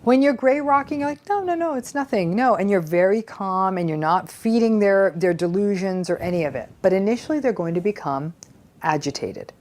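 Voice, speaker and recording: A woman's voice: mid-range voice, animated, moderate pace, darkish tone. A woman psychologist giving a conversational educational talk, earnest and explanatory, sometimes acting out quoted voices.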